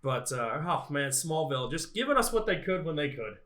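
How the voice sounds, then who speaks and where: A man's voice: a little high, a little fast, echoey room. A man co-hosting a casual podcast about comic-book news, swearing freely and acting out little scenes. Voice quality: swears often, animated storytelling. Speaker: podcast co-host. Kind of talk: casual nerd-news chat.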